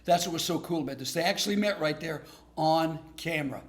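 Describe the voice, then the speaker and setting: Male interview host with a fairly high voice who asks brief, prompting questions. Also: brisk.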